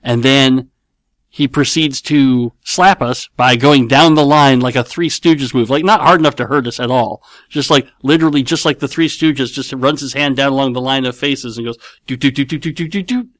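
A man's voice: mid-range voice, normal speed, fairly bright tone, no echo, studio quality. A middle-aged man hosting a casual home podcast, answering listener questions in a rambling, playful way and often correcting himself mid-sentence. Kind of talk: casual chat. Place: at home with his kids nearby.

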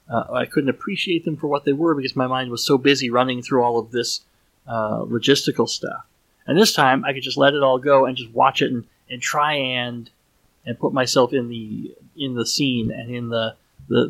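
Gravelly man musing aloud. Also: medium pitch, a bit bright, dry recording, low-quality recording. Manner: thinks aloud, restarts and trails off often. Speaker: solo podcast host. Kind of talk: casual rambling monologue.

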